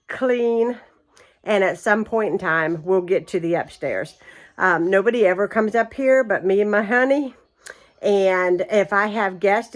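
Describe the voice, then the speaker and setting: A middle-aged woman talks casually to the camera she holds in a guest room of her home. She rambles warmly along, with frequent ums and quick bursts of laughter. Her voice sits at an ordinary middle pitch. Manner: chatty, many ums, laughs often. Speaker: home vlogger. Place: guest room of an old house. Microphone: camera held by her.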